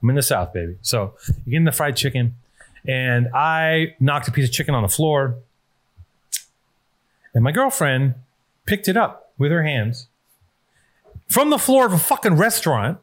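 A man's voice: on the high side, animated, moderate pace, long pauses. A man hosting a podcast, telling a rambling, profane story in casual chat and reading an ad. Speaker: podcast host.

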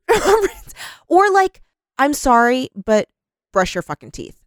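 A young woman co-hosting a podcast in casual chat, animated, swearing often and laughing a lot. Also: high-pitched, takes it slowly, no echo, clean studio sound. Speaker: podcast co-host.

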